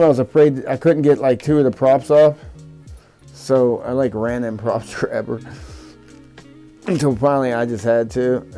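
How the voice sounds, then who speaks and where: A man's voice: medium pitch, mellow. Man, drone hobby vlogger, casual, frustrated, swears and mutters, faint music behind. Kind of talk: casual talk while working.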